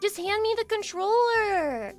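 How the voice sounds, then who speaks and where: A woman's voice: extremely high pitch, expressive, unhurried, faint music behind, voice pushed up. A woman mocking a pushy, condescending backseat gamer. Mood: bossy. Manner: condescending, impatient, demanding.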